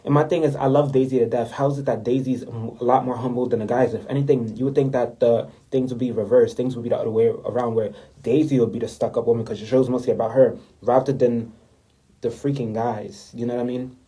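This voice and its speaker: A man's voice: medium pitch, steady tone, quick pace, dark tone, low-quality recording. A young man ranting in a story-time vlog, indignant and repetitive, talking straight to his viewers. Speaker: vlogger. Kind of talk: story time rant to camera.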